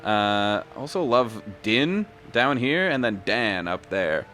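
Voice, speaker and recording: Lively, bright-voiced man playing a game. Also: lowish voice, takes it slowly, soft background music. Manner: joking, laughs often, reads game dialogue aloud. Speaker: gaming streamer. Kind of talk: casual let's-play commentary.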